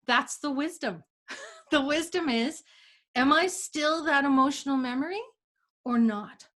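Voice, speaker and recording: A woman's voice: high-pitched, measured pace, fairly bright tone. A middle-aged woman, a healer, teaching in a casual conversation, acting out inner dialogue as she explains and laughing often. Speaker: energy healer guest.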